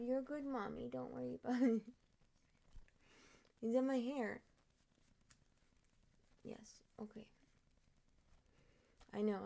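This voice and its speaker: A woman's voice: medium pitch, gravelly, warm tone. A young woman streamer chatting casually and cooing in baby talk at her cat.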